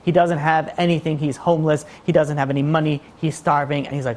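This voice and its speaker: A man giving a sermon as a rabbi, telling a story in an animated way and acting out the voices of its characters. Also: fairly high pitch, fast, hardly any pauses.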